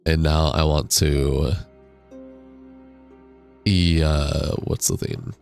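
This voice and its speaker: A man's voice: rumbling low, fairly even intonation, very slow, gravelly, a little mellow, soft background music. A man live-streaming a game on a desk microphone, chatting casually, reading chat aloud, laughing and swearing now and then. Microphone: desk USB microphone.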